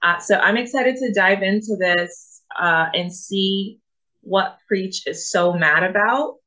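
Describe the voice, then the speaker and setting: Bright-voiced woman reacting thoughtfully. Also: mid-range voice, slow, low-quality recording. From Africa. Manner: thoughtful, hesitant, with frequent restarts. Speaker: reaction video host. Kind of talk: casual commentary.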